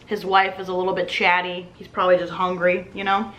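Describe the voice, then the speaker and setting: A young woman in her twenties, a restaurant server, telling a story in a casual, animated way and acting out the voices of customers. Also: on the low side, fairly quick, reverberant.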